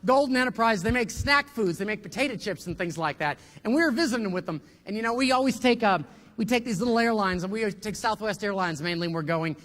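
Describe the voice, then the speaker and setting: A middle-aged man, a professor, giving a humorous keynote speech, an animated storyteller who jumps into loud voices for punchlines. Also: high voice, fast talker, in a large hall.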